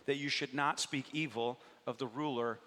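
A humble, earnest apostle speaks in a low voice, plain and sincere, as a male preacher acts him out in his sermon. A long hall reverb trails behind him. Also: fairly even intonation, moderate pace, sharp tone, slight background noise, natural voice. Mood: contrite. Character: earnest apostle man, defiant then humble.

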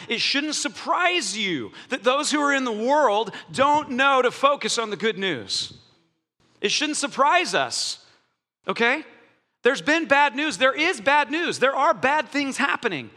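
A man, a pastor, preaching a sermon in a church, animated and jokey with strong emphasis. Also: sits high, measured pace. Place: church hall. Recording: echoey church hall.

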